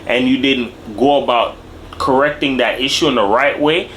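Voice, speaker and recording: A young man in casual reaction commentary, talking in animated street slang and tagging his lines with "bro" and "dog". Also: medium pitch, normal speed, slight background noise. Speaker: video commentator.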